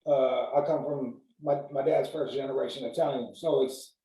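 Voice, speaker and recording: A man in casual podcast chat, telling stories in a profane, animated way. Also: mid-range voice, moderate pace. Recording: roomy sound, mic at a distance.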